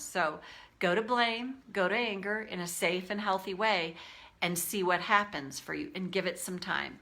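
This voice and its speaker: A woman coaching viewers on a livestream, candid and animated, speaking to them by name. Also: lowish voice. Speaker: tapping coach.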